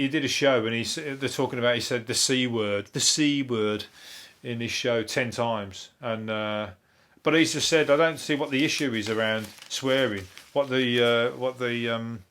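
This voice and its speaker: An English comedian hosts his podcast in loose, rambling chat, dropping swear words freely and chuckling between thoughts. His voice sits at an ordinary, middling pitch for a man. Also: fairly bright tone.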